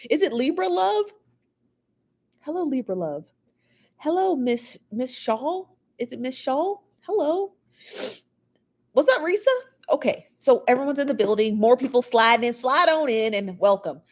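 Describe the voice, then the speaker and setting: A woman's voice: high-pitched, animated, unhurried, pauses often. A woman hosting a live gossip show, chatting casually, greeting viewers by name and laughing often, seated at home on a built-in device mic. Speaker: livestream gossip show host. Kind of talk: casual live-chat talk. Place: seated at home in a squeaky chair.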